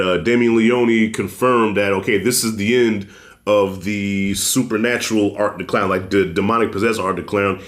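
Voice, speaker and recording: A man co-hosting a casual horror movie review, blunt and profane, telling scenes with animated storytelling. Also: fairly low pitch. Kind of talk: casual spoiler discussion.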